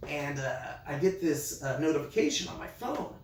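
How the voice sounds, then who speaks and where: A man who teaches online, telling a story in a casual vlog with animated delivery. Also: on the high side, normal speed, vocal fry, echoey room, distant mic, a little hiss or hum. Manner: animated, acts out his classroom voice.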